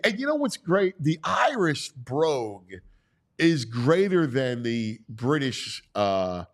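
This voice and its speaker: A man's voice: medium pitch, big pitch swings, slow pace. A middle-aged man hosting casual sports talk, opinionated and prone to stammering restarts. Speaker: sports talk show host.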